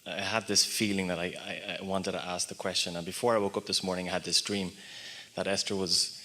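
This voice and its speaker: Audience member, man, deep, bright-toned, thoughtful casual asker. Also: level tone, fairly quick. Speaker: audience member asking a question. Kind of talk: casual spoken question.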